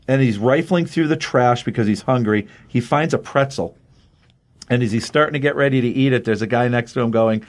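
A man on a podcast casually retelling a comic book plot, acting out each character's lines by jumping his pitch up. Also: a little fast. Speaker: podcast co-host recapping a comic. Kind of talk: casual chat, animated retelling with quoted voices.

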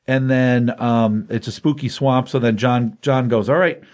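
A man hosting a comics podcast and retelling a comic book story in a loose, conversational way, dipping in and out of quoted lines. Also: mid-range voice. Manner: animated storytelling with quick voiced quotes.

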